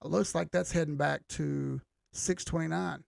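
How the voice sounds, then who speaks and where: Gravelly, strained man streaming charts. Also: fairly high pitch, steady tone, moderate pace, no room sound, studio quality. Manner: loose and joking, reads chat aloud. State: strained voice starting to crack. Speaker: host of a live chart analysis stream. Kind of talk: casual livestream chart talk.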